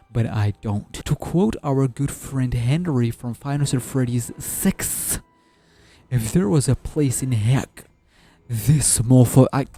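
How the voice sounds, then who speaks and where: A man's voice: mid-range voice, dark tone, dry recording. A man giving casual, joking commentary as he ranks video game characters, often restarting and stumbling over his words. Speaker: gaming commentator. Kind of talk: casual tier-list commentary.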